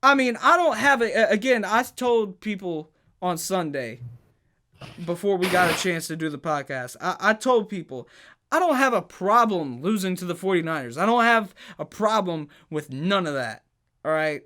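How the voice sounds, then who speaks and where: Fired-up high-voiced man. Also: lively intonation, moderate pace, fairly bright tone. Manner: heated and emphatic, stutters and restarts. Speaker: sports podcast co-host. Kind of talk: casual sports talk.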